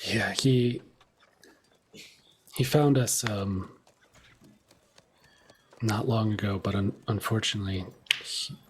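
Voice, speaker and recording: A man playing a tabletop game, speaking in a relaxed, halting, friendly way. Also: on the low side, a little hiss or hum. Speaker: player. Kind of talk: in-character play.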